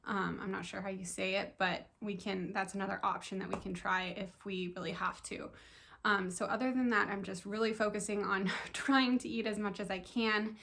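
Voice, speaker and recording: A young woman talking casually to camera about her week, chatty and excited, with many fillers. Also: medium pitch, moderate pace. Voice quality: creaky. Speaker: vlogger sharing pregnancy update.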